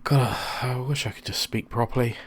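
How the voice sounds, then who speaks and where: A man reacting to posts in casual chat, hesitant and halting, often restarting his words. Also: mid-range voice, fairly even intonation. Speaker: co-host reacting.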